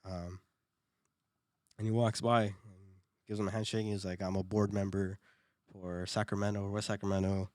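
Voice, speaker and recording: Young man, lowish voice, casual podcast storytelling, laughs a lot, swears, dry close sound. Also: little pitch movement, moderate pace, long pauses, a little mellow, no echo. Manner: loose, laughing, profane, repeats words. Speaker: podcast co-host.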